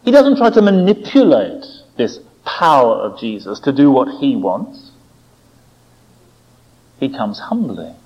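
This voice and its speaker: A man preaching a sermon, with expressive delivery, rhetorical tag questions and dramatic quoted voices. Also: mid-range voice, moderate pace. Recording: dull lo-fi recording.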